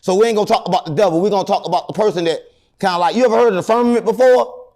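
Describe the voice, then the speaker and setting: A man tells long, rambling stories in a casual interview. He is animated and jokes with a straight face. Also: high voice, very fast. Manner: animated, rambling, deadpan joking. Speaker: interview guest.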